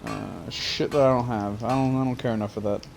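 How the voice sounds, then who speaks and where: A man's voice: mid-range voice, fairly even intonation, a little fast, vocal fry. Tired young man rambling while streaming. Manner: rambling, swearing, frequent fillers. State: yawning, tired. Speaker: game streamer. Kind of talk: casual gameplay commentary.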